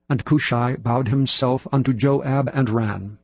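A man's voice: mid-range voice, steady tone, a little slow, hardly any pauses, breathy edge, no echo, muffled recording. Reverent man reading scripture. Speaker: scripture reader.

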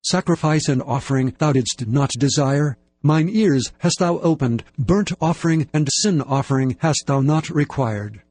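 A man reading scripture aloud in a measured, reverent way. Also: fairly high pitch, a little mellow, no room sound. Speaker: scripture reader.

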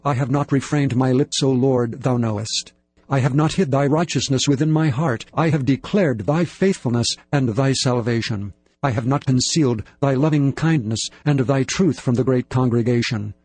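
A man's voice: mid-range voice, moderate pace, a little mellow, slightly rough, no room sound. Reverent man reading scripture. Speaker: scripture reader.

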